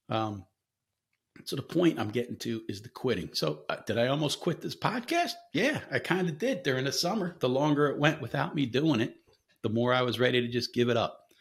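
A man's voice: medium pitch, gravelly, fairly bright tone. A man hosting a casual solo podcast, talking candidly and rambling with frequent fillers and swearing, coughing now and then. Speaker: podcast host.

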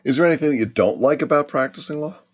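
A man's voice: on the high side, quick pace. A male interviewer asking short, direct questions.

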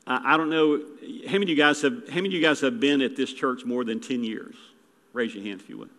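A man's voice: medium pitch, quick pace, a bit bright, big-room sound. A man preaching a folksy, rambling sermon as a guest preacher, full of jokes and restarts. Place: church sanctuary.

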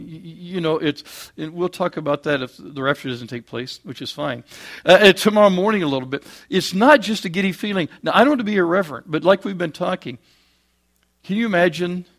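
A man delivering a sermon in a somewhat high voice. He builds to loud, emphatic peaks and then drops into quiet, low asides, mixing in homely jokes. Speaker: preacher.

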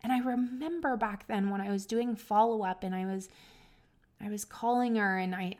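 A woman hosting a talk, telling a personal story in an earnest, emotional way. She swings between hushed, reflective moments and loud, lively bursts. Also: medium pitch, normal speed. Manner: earnest and emotional, with many restarts. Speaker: podcast host.

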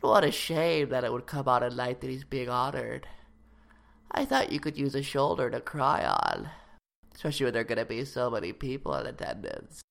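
Man doing oily creepy kid suitor, gravelly, slow and sleazy. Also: mid-range voice, very animated, a bit bright. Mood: smarmy. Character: creepy smarmy schoolboy suitor.

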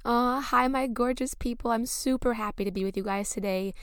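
Lady hosting a spiritual podcast, kinda hoarse, gushy and open, dry sound. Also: fairly high pitch, a little fast, no echo. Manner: gushing, earnest, openly nervous, chatty. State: recovering from lost voice, hoarse. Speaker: podcast host. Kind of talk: spiritual self-help podcast monologue.

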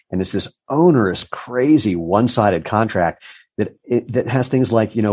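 In a casual interview, a fifty-something business founder animatedly recounts stories, voicing the people he quotes. His lowish voice has a breathy edge and runs a little fast, captured in a dry recording with clean studio sound.

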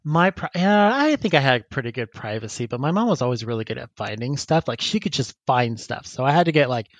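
A man's voice: mid-range voice, big pitch swings, a little fast, no echo. A man co-hosting a casual podcast, who laughs often and rambles while he reads listener emails and chats. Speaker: podcast co-host.

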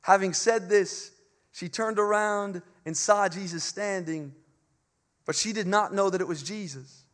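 Male preacher, high-pitched, impassioned sermon delivery with repeated emphatic phrases. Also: measured pace. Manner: earnest and impassioned, with emphatic repetition; swings between soft, hushed phrases and loud climaxes. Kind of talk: Easter sermon.

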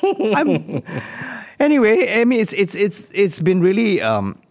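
Man, Singaporean accent, fifties, slightly high voice, very lively pitch, playful storyteller. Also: moderate pace. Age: 50s. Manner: animated, playful storytelling with laughter. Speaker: comedian co-host. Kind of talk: casual chat.

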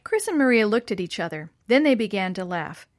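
Female storybook narrator, measured and clear; dry, close mic. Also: mid-range voice, sing-song, no echo. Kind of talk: storybook reading.

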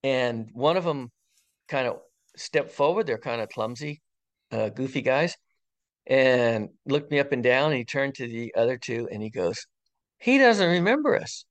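A man in his sixties, an interview guest and retired fire captain, tells a personal story in an earnest, wondering way with frequent ums and pauses. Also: mid-range voice. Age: 60s.

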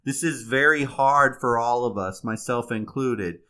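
A man telling a fable in a casual, conversational way, with fillers and restarts, then slowing down to reflect on its moral. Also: mid-range voice, pushed and bright. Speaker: storyteller.

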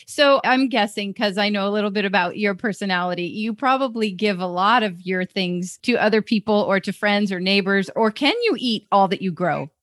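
A woman's voice: mid-range voice, normal speed, few pauses, a bit bright, no room sound. Upbeat woman podcast host, dry sound. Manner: cheerful, laughs often.

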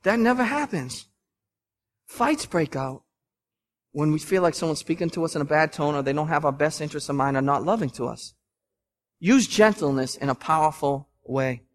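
A man in his thirties preaching a sermon as pastor in a church, earnest and emphatic, now gentle and now rising to loud bursts. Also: on the high side, brisk. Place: church sanctuary.

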